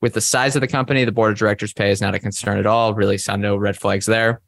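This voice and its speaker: Guy cohosting a podcast, lowish voice, dry close sound, easygoing chat. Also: fairly even intonation, gravelly, fairly bright tone, no room sound. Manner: conversational, measured, frequent fillers. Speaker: podcast co-host. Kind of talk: casual investing discussion.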